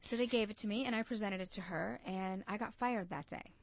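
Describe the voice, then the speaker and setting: A woman's voice: mid-range voice, fairly quick, dry recording. A woman from the United States, a coach and entrepreneur, telling a story in an interview and acting out the voices she quotes.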